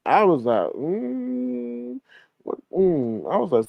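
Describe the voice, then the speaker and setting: A man's voice: high-pitched, wildly swooping pitch, slow, vocal fry, a little mellow, no echo. A man hosting a livestream, chatting casually and gossiping in a sassy way while reading the chat. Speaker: livestream host.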